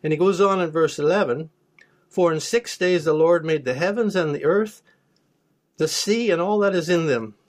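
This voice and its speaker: A man's voice: a little high, normal speed. A man teaching a Bible study, reading verses aloud and then explaining them plainly, with small restarts. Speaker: preacher.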